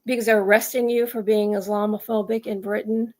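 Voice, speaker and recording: A woman's voice: medium pitch, little pitch movement, a little fast, darkish tone. A woman from the United States delivering a rambling, emphatic opinion monologue with frequent restarts. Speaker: commentary vlogger.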